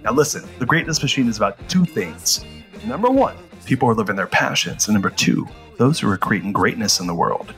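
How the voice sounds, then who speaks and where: A man reading a scripted commercial in a measured promotional way. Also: fairly low pitch, very animated, vocal fry, a bit bright, faint music behind. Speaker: ad announcer.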